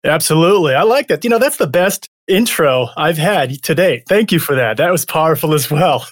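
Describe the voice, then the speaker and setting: A man's voice: fairly high pitch, animated, fairly quick, no room sound, studio quality. A male podcast host interviewing a guest in an upbeat, encouraging way.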